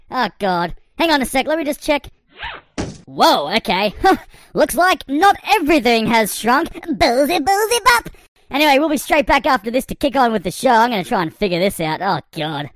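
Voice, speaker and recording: A tiny shrunken man, squeaky. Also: pushed and bright, no echo, heavily acted. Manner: frantic, exclaiming. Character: man shrunk to grape size, flustered. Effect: sped-up high pitch shift.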